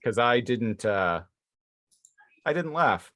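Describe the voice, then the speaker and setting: A man's voice: medium pitch, animated, takes it slowly, a bit bright, dry recording, studio quality. A man co-hosting a casual podcast, joking dryly and asking questions. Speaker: podcast co-host.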